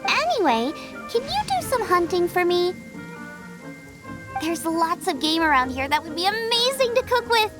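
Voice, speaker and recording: A very high, lively voice for an eager young girl chef who bounces between bursts of excitement. She sounds bubbly and food-obsessed, with her pitch swinging widely. Game music plays behind her. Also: normal speed. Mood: coaxing. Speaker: game character. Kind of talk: video game voice acting.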